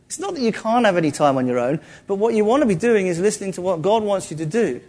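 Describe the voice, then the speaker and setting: A man preaching a sermon in a lively, conversational way, joking with his listeners. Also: sits high, fast. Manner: lively, jokey, conversational, acts out quotes.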